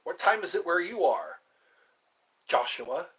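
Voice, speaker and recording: Brief: male streamer, high voice, slow unhurried rambling chat with viewers. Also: big pitch swings, a bit bright, slight background noise. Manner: rambling, drifts between topics and hums snatches of songs. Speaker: livestream host. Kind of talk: casual livestream chat with viewers.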